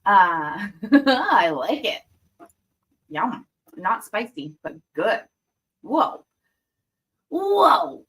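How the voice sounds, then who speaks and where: A woman's voice: medium pitch, sing-song, drawn-out words, pauses often. A woman hosting a casual livestream, chatting and giggling as she tastes candy and savors it aloud. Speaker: livestream host reacting to court videos. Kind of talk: casual livestream chat while tasting candy.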